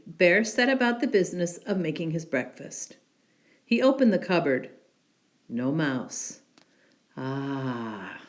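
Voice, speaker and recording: A woman reading a children's picture book aloud in an expressive, unhurried storytelling manner. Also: on the low side. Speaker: storybook reader.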